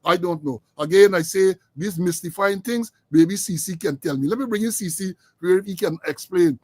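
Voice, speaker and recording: Guyanese male host, middle-aged, higher-pitched, mocking tone, dry close sound. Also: moderate pace, a little mellow, dry recording. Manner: sarcastic, mocking. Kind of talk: political commentary chat.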